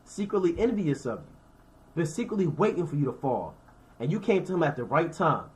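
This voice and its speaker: A man's voice: a little high, sing-song, brisk, darkish tone. A man teaching scripture informally, reading verses and explaining them in a slangy, conversational way while checking in with his listeners. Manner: reads verses then explains them with everyday examples.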